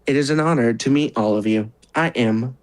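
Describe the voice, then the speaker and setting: A man's voice: mid-range voice, moderate pace, darkish tone, no room sound, close to an everyday voice, low-quality recording. A man voicing a stern, condescending female sorcerer aide in a tabletop game, in his own everyday voice. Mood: haughty.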